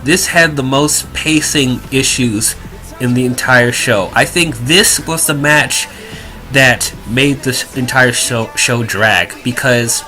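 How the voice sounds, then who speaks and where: A man's voice: medium pitch, slow pace, pushed and bright, soft background music. A young man giving a rambling, exasperated review, full of fillers and restarts. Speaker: wrestling reviewer. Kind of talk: casual review rant.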